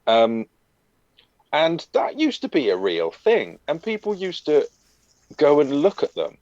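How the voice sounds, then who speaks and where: A man's voice: fairly high pitch, huge pitch swings, measured pace, darkish tone, no echo, lo-fi sound. A man co-hosting a live comedy podcast, telling odd historical anecdotes with dry wit and a lot of hesitation. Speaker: podcast co-host. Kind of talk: casual comedic live-stream chat.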